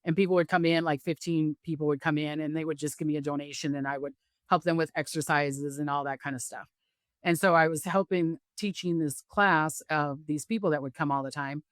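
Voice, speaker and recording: Speaking briskly in a deep, steady voice, this middle-aged psychic is recorded dry at studio quality. As an interview guest she chats casually about spiritual topics, performing the voices of the people she quotes.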